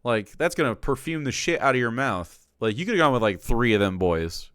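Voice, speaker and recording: A man's voice: medium pitch, very animated, normal speed, a bit bright, clear, resonant tone, no room sound, studio quality. A man streaming, reacting to a cooking video in casual, profane commentary that keeps tipping into exasperated ranting.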